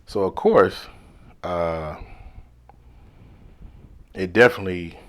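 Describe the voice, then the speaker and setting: A man, a life coach, telling a personal story in a laid-back, slangy way, now and then dropping to a hushed whisper. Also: low-pitched, slow. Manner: drops to a hushed whisper when replaying his inner thoughts.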